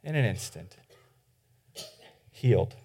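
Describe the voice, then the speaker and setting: A pastor giving a sermon in an informal, animated way. He often says "like", restarts his sentences and acts out the voices in the stories. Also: lowish voice, takes it slowly, slightly rough.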